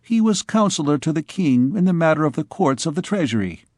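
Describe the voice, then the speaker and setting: A man's voice: on the high side, big pitch swings, a little fast, darkish tone, dry recording, clean studio sound. A man voicing an ambitious royal courtier who speaks in a deferential, fawning manner, in an audiobook reading.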